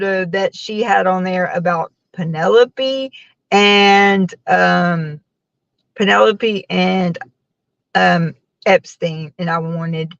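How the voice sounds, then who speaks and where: A worn-out woman chats loosely with her live-stream viewers, laughing between rambling stories. Her voice has a plain middle pitch, recorded dull and dry through a phone mic. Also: creaky, dry recording. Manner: rambling, laughing often, talking to her chat. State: tired after a long work shift. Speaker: livestreamer chatting with viewers. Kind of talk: casual live-stream chat.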